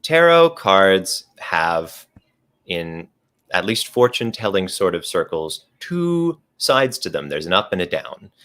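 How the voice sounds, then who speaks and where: Deep, forceful man explaining game rules. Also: sing-song, slow pace. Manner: casual, explains step by step with restarts. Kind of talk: livestreamed tabletop game chat.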